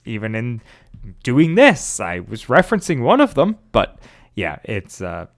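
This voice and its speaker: A young man co-hosting a casual podcast chat, talking in halting stops and restarts with dry jokes. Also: mid-range voice, wildly swooping pitch. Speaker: podcast co-host.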